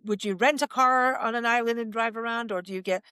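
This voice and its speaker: A woman hosts a radio interview, loose and chatty. Her voice sits a bit high, and the sound is dry and close. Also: brisk, bright, forceful tone, smooth, dry recording. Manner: loose and chatty, many fillers. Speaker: radio show host. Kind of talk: casual interview chat.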